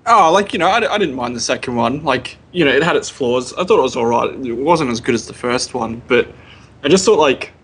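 Husky-voiced man, loose chatty speech. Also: medium pitch, expressive, brisk. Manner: loose, hedging with "like, you know". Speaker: podcast co-host. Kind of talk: casual film review chat.

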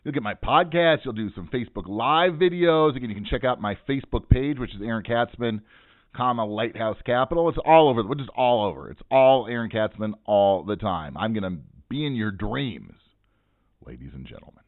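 A man's voice: mid-range voice, lively intonation, brisk, no room sound. A man, a financial advisor and podcast host, telling a story in a casual, joking, self-mocking way. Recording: dry, tinny phone-like sound.

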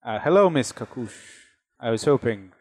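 Man voicing an ominous, over-polite stranger; slow and deliberate. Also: mid-range voice, expressive, darkish tone, natural voice. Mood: creepy polite. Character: sinister male stranger at the door.

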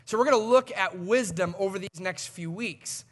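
A male pastor preaching a sermon in an animated, conversational way with emphatic swings in delivery. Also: sits high, moderate pace.

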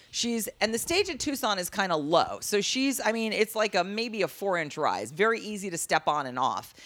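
Animated woman telling a comedy story. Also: medium pitch, normal speed. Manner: animated, self-mocking, swings loud and quiet. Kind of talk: casual storytelling chat.

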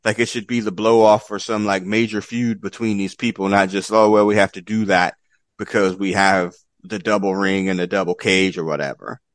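A man's voice: fairly low pitch, fairly even intonation, moderate pace, no echo. A man casually recapping an old wrestling event as a podcast co-host, rambling with lots of fillers and swearing.

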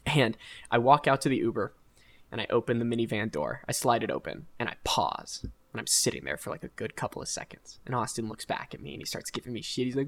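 A man's voice: a little high, fairly quick. Young man telling a rambling story. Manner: rambling, laughing, animated retelling. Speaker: podcast host. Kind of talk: casual storytelling chat.

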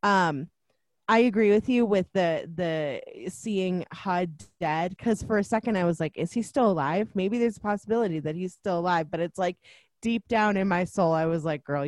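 A woman's voice: lowish voice, a little mellow, no echo. A woman in a casual movie chat who talks in an easygoing way and laughs often. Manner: chatty, laughing, says "you know what I mean".

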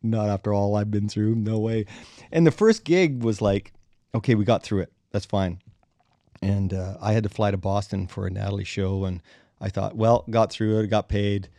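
A middle-aged man, a bassist and podcast guest, telling animated stories, acting out quotes and chuckling as he goes. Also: moderate pace, dry recording. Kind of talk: anecdotal storytelling in conversation.

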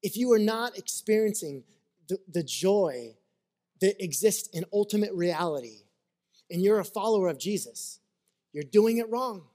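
A man's voice: high-pitched, expressive, moderate pace, dark tone. A man preaching a sermon as a pastor, earnest and conversational, mixing scripture with personal stories.

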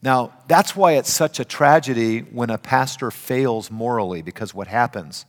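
An older man preaching a sermon, emphatic, swinging between loud and hushed. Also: mid-range voice, normal speed. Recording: reverberant hall.

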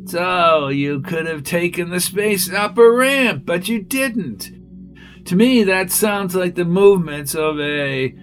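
A man reading aloud as a gruff, irritable male inspector who blusters and complains. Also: high voice, takes it slowly, soft background music, pitched above the performer's own voice. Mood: brusque. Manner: blustering, exasperated.

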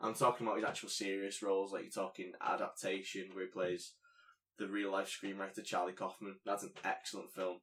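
A man's voice: low-pitched, level tone, fairly bright tone, a little hiss or hum. A man co-hosting a podcast, chatting casually with jokes and rambling asides. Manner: joking, rambling, quick asides. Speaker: podcast co-host. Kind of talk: casual chat.

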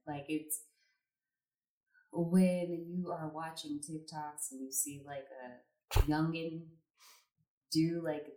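A woman co-hosting a podcast, chatting casually and relaxed about a film. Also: deep voice, reverberant. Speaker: podcast co-host. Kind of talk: casual film review chat.

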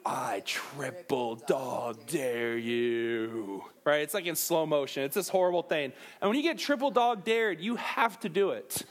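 A man's voice: high voice, lively intonation, fairly quick, few pauses. A young man preaching a sermon to a youth group in a casual, joking way, calling the listeners guys.

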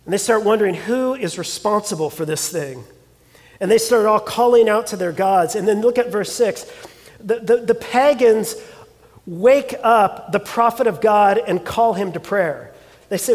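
High-voiced preacher in a reverberant hall. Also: male voice, moderate pace. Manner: expressive storytelling preacher, reads scripture aloud. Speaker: pastor. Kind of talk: sermon.

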